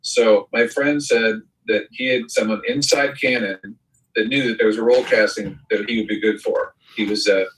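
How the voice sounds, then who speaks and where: Rambling middle-aged male storyteller, low voice. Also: fairly even intonation, moderate pace, a bit bright. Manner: rambling storyteller who mimics voices in quotes. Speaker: co-host. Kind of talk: casual chat and anecdote. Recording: voice a bit far from the mic.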